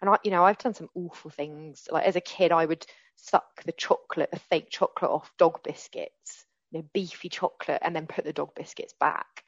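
A woman's voice: deep voice, fairly even intonation, normal speed, dry recording, lo-fi sound. A woman in her forties telling her recovery story candidly and earnestly, often restarting her sentences. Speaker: recovery speaker. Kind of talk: personal testimony.

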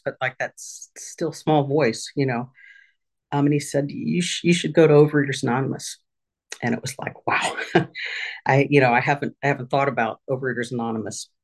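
A middle-aged woman giving a candid personal share at a recovery meeting from her office, halting with fillers and restarts. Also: a bass voice, fairly even intonation.

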